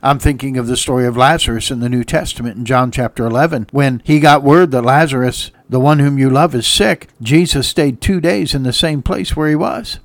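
A man preaching a sermon with emphatic delivery, swinging from quiet passages to loud shouts, and breaking into sung hymn lines. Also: medium pitch, normal speed, no echo.

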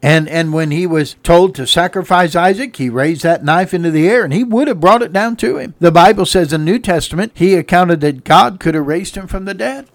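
A fiery male preacher with a slightly high voice, swinging between hushed lines and loud shouts. He slips into sung hymn phrases between points. The sound is close and dry. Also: brisk, hardly any pauses, no echo. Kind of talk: sermon.

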